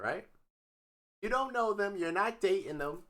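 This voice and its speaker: A man streaming live, reacting to text messages in casual commentary, mocking and animated, reading quotes in a flat voice. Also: sits high, unhurried.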